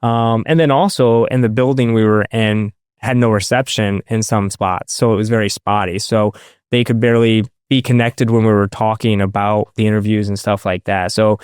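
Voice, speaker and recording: Adoptive father, guest on an interview show. Smooth, resonant voice in a dry room. Halting and full of fillers. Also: lowish voice, fairly even intonation, a little mellow, no echo. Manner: halting, many fillers and restarts. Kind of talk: casual interview over video call.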